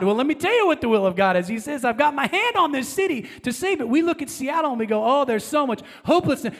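Man, 30s, pastor, fervent sermon, high-pitched, long hall reverb. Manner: fervent, builds from quiet to loud emphasis. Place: large church hall.

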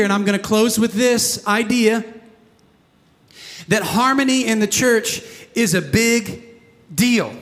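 A man's voice: high-pitched, a bit bright, in a large hall. A man preaching a sermon as pastor, emphatic and asking the congregation questions. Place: church sanctuary.

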